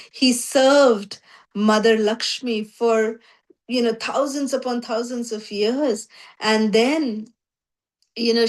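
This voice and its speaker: A woman with a high voice teaching a scripture story class. She narrates animatedly, slipping into voices and leaning on 'you know'. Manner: frequent 'you know' fillers.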